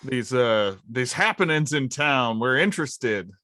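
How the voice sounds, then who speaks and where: A man's voice: mid-range voice, animated, a little slow, sharp tone, dry recording, studio quality. A man playing a tabletop game, stammering and laughing as he chats. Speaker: player. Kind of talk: casual chat at a game table.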